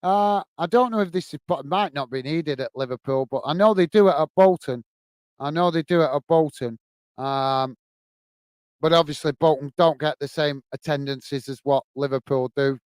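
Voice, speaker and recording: With a fairly high, clean-toned voice at a moderate pace, this English host streams a live football watch-along from home. He calls the match, talks with viewers and laughs frequently, and the recording is dry.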